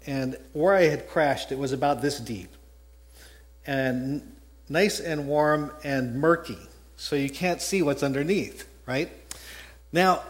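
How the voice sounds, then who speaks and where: A man with a Texan accent, a pastor giving a conversational sermon that mixes scripture with a personal story, often correcting himself mid-sentence. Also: medium pitch. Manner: conversational, self-correcting, chuckles at his own stories.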